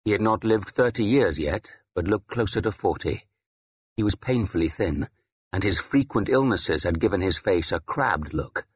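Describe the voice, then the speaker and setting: Low, husky male audiobook narrator. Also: moderate pace, no room sound, lo-fi sound. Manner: expressive, dramatic shifts of tone. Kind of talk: scripted first-person narration.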